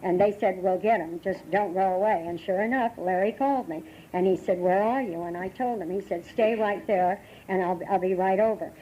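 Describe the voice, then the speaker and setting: An older American woman sharing her recovery story at a meeting, halting and emotional, with many restarts, on a dull lo-fi tape from the 1980s. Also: medium pitch, slight background noise. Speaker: AA meeting speaker. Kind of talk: personal recovery talk.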